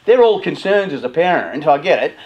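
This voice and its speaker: A middle-aged man giving an animated motivational talk to parents as a youth worker, acting out the voices of parents and teens. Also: a little high, a little fast, lo-fi sound.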